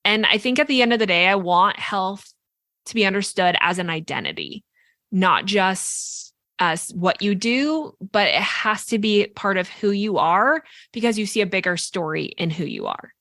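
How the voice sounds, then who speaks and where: A woman's voice: mid-range voice, sing-song, moderate pace, sharp tone, dry recording, clean studio sound. A woman co-hosting a podcast, talking earnestly in casual reflective chat, full of "like" and "right?" as she explains. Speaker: podcast co-host.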